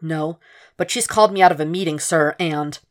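Woman doing a tense male agent keeping it calm and measured, low voice. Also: natural voice. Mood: guarded. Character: tense male federal investigator, guarded.

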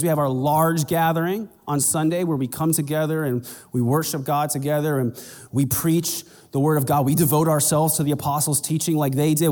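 A man preaching in a casual, talkative way, his voice a little on the high side. The sound carries a long reverb as if from a large church hall. When he plays out conversations with churchgoers, his voice leaps up in pitch. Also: darkish tone. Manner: conversational preaching, acts out dialogue in a raised voice. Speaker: pastor. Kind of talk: sermon.

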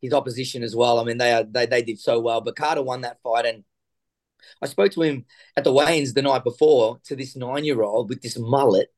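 A jiu-jitsu coach, a man, talks in an animated podcast interview and acts out the voices in his stories. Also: medium pitch, fairly quick.

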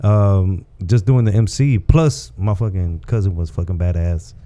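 Dark-voiced rambling man telling stories. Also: sits low, measured pace. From Texas. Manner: rambling storytelling with frequent "you know what I'm saying". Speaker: guest comedian. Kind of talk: casual podcast chat.

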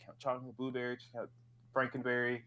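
A man's voice: medium pitch, completely flat delivery, fast talker, pushed and bright. An American man in casual chat, rambling and laughing easily as he talks.

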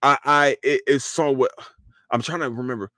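A podcast host talking casually in a loose, profane solo rant, with lots of restarts. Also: male voice, medium pitch, normal speed, no echo, clean studio sound. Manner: animated, profane, repeats and restarts a lot.

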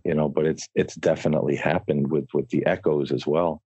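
A man co-hosting a casual chat, talking haltingly with lots of fillers. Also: rumbling low, steady tone, mellow, husky, no room sound, highs cut off. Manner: halting, lots of "you know". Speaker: podcast co-host.

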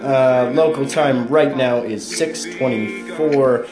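A man's voice: mid-range voice, slow pace, over music. A man hosting his own podcast, closing the episode in a loose, hesitant way with many fillers. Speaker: podcast host. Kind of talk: casual podcast sign-off.

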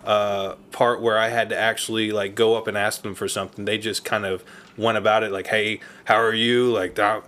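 A man's voice: fairly low pitch, flat delivery, normal speed, fairly bright tone. A man on a casual podcast, rambling with many fillers and asking others about their experiences. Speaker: podcast co-host. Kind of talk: casual chat.

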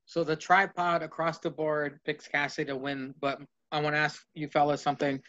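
Man, high voice, podcast host, casual profane chat, muffled lo-fi sound. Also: little pitch movement, brisk, a bit bright. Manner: profane, acts out comic scenes in high squeaky voices.

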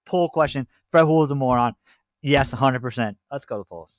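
A man's voice: mid-range voice, fairly quick, no room sound, clean studio sound. A man co-hosting a casual podcast from home, wry and joking, poking fun at his co-host. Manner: wry, joking, does mocking impressions. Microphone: home mic, off camera.

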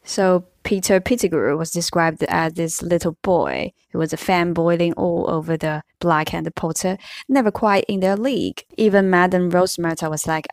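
A woman's voice: lowish voice, creaky, no room sound. A woman reading a novel aloud and chatting about it, thinking aloud in a casual way. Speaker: book reader and commentator. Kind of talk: casual book commentary.

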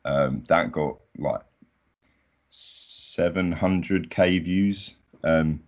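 A young man, a podcast guest chatting casually in a relaxed, modest, unhurried way. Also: sits low. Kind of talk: casual chat.

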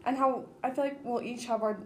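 A woman's voice: fairly high pitch, fairly even intonation, a little fast, darkish tone, a little hiss or hum. A teenage girl in casual chat as a student co-host, easygoing, laughing often, full of hesitant fillers.

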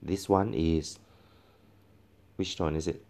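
Very deep, slow-talking male teacher. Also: a little mellow. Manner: patient, demonstrates sounds by repeating them. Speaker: language teacher. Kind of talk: tone pronunciation lesson.

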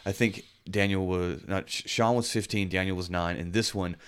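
A man co-hosting a casual video game podcast has a low, clear, resonant voice and talks at normal speed. He chats in a relaxed way, rambling and using frequent fillers.

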